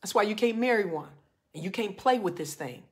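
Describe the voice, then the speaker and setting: A woman in her forties coaching married couples in a fervent preaching style. She reads scripture loudly and drops into low, earnest talk. Her voice sits at a middling pitch. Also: animated, a little fast. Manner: fervent and emphatic, swinging from loud reading to low earnest talk.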